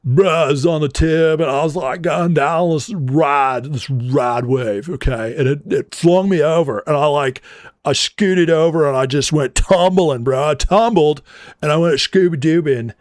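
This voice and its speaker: A laid-back young surfer bro, as a man puts him on, who stretches his words into a slow, stoked drawl packed with slang. The voice is a touch high and sits dry against the mic. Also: no room sound, close to an everyday voice.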